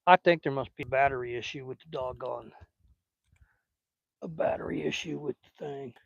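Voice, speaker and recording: Gravelly man chatting on a phone live stream. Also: mid-range voice, moderate pace, dry recording. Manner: chatty, folksy, talks fondly to his dog. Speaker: live-stream fishing host. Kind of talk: casual live-stream chat. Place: outdoors by a lake. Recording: dull, dry phone audio.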